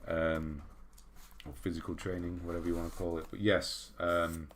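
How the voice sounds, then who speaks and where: Man, from England, deep voice, casual livestream chat, reads viewer messages, self-deprecating laughs. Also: level tone, normal speed, a little hiss or hum. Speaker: livestream host reading chat.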